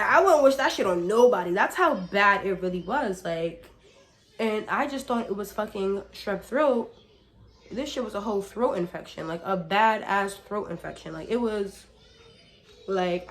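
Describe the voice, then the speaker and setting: Her voice mid-range and expressive, a young vlogger shares a relaxed storytime at normal speed, a little hoarse from a cold. She chats away, curses freely, leans on "like" constantly, and calls her viewers y'all.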